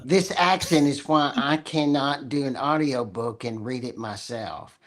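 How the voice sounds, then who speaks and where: An older man with a West Texas accent and a slightly raspy voice, a guest author chatting wryly on a podcast. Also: medium pitch, a little slow, a bit bright. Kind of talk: casual chat.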